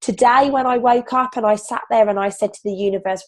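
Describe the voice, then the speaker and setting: A slightly husky woman, leading a motivational team training on a video call from home, animated and casual, with the odd swear word. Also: fairly high pitch, a little fast. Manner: animated, swearing, upbeat pep talk. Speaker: team leader.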